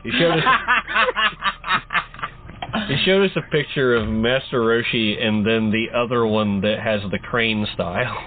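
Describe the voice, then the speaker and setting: A man's voice: lowish voice, measured pace, long pauses. A man co-hosting a casual horror book club podcast, cracking teasing, sarcastic quips. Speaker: podcast co-host. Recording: tinny phone-like sound, faint noise.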